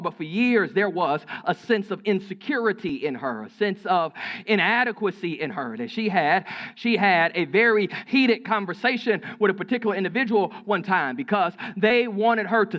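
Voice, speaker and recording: Man pastor, high voice, sermon, folksy storytelling, repeats himself, slightly muffled recording. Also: a bit bright. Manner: preaching with folksy storytelling and repetition.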